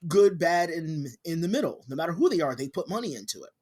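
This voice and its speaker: A man's voice: on the high side, very animated, fast, darkish tone. Give me a ranting podcast co-host man. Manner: ranting, heated, profane when worked up. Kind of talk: casual chat.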